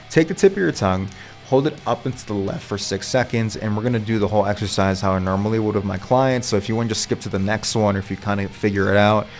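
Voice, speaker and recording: A laid-back male vocal coach talks viewers through warm-up exercises, chatty and unfiltered. His voice sits on the low side, with faint guitar music playing underneath. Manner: casual and chatty, with loose swearing. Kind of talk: casual instructional talk.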